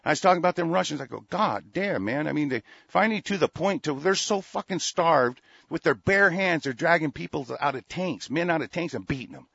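A man's voice: a little high, fairly quick, vocal fry, few pauses, a bit bright, slightly rough, no room sound, dull audio. An older man hosting a talk radio show, ranting angrily and cursing often, with frequent restarts. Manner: profane, heated, with frequent restarts. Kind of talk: angry political rant.

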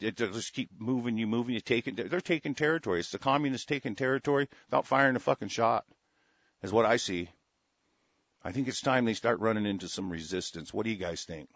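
A middle-aged guy with a lowish, slightly bright voice reads news reports aloud and then veers off into profane, sarcastic, angry rants, making for foul-mouthed news commentary. There's no room sound, though the highs are cut off.

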